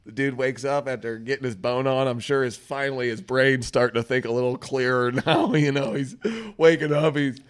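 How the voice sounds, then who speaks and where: A man's voice: mid-range voice, moderate pace. Man hosting a crude comedy chat. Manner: animated, profane, storytelling with acted-out quotes. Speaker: radio show host.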